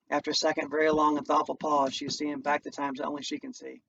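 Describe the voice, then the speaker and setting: A man, a teacher, reading a play aloud at home in a plain, unhurried way. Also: fairly high pitch, flat delivery, gravelly, a bit bright. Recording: distant muffled home recording, faint noise.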